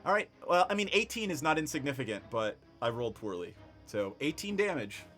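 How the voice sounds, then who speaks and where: A man's voice: a little high, sing-song, a little fast, a bit bright, faint music behind. A man running a tabletop game as game master, narrating the action and laughing easily with his players over an online voice chat microphone. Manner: easygoing, laughs often while narrating.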